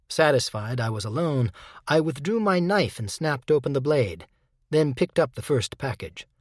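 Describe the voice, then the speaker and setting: A man reading a first-person audiobook chapter in a measured, even manner, with a dark undertone. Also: mid-range voice, no echo, studio quality. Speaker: audiobook narrator.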